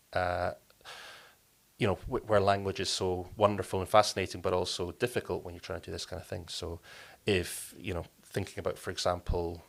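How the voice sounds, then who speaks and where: A man speaking as a podcast guest, explaining his work in relaxed interview talk, with frequent restarts and fillers. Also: sits low, vocal fry. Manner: thoughtful, many restarts and fillers. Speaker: podcast guest, company co-founder.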